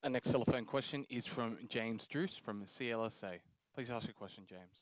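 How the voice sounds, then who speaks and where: A man's voice: medium pitch, brisk, no echo. A male conference call operator reading formal scripted announcements. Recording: dry lo-fi audio.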